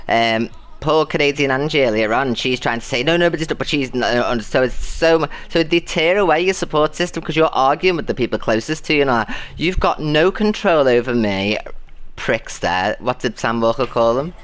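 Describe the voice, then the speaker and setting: This woman has a bass voice and talks at normal speed while casually chatting on a live stream. She greets and thanks viewers by name, calling them loves and babes, and grows defiant on the subject of an abuser.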